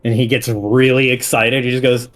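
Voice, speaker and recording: A man narrates a tabletop game as its game master, in a loose, chatty way with lots of fillers and the odd chuckle. His voice sits at an ordinary mid pitch. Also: level tone, moderate pace, a bit bright, faint music behind. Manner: casual, chuckling storytelling with many fillers.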